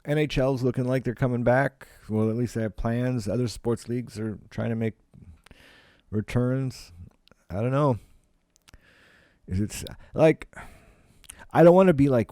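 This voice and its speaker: A man's voice: on the low side, warm tone, no room sound, studio quality. A Canadian man, a comedian, rambling on his solo podcast from home, swearing often and full of fillers. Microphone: home podcast microphone.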